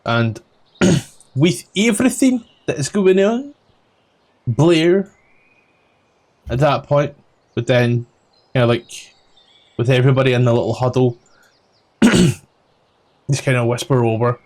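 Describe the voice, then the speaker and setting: Rambling Scottish dungeon master. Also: male voice, mid-range voice, lively intonation, takes it slowly, pauses often, a little mellow. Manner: rambling, full of ums, swears casually. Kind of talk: casual tabletop game recap.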